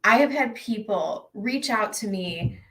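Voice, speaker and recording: A woman's voice: mid-range voice, animated, measured pace, sharp tone, low-quality recording. Rambling, emotional woman tarot streamer. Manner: emotional, rambling, with many fillers and restarts. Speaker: tarot reader hosting a live stream. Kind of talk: casual live-stream chat.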